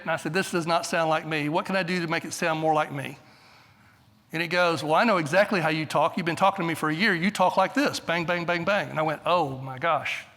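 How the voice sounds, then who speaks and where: A man's voice: sits high, pushed and bright, long reverb tail. A man in his sixties giving a conference presentation, blunt, straightforward and brief in manner. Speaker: conference speaker. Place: large conference hall.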